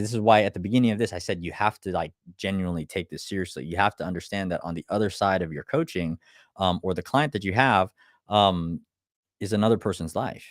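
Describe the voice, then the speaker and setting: Young man, casual livestream talk, blunt, swears a lot, low voice, dry close mic. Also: dry recording. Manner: blunt, profane, acts out clients' lines. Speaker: online business coach.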